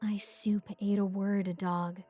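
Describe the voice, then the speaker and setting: A warped, childlike female creature, put on by a woman, whispers the same words over and over, slow and repetitive, with odd, lurching emphasis. Her pitch sits in a middling register, and faint music drifts underneath. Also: flat delivery, dark tone, lightly acted. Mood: eerie chant. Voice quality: whispering with erratic, peculiar emphasis on each word. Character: distorted childlike female creature, sinister and relentless.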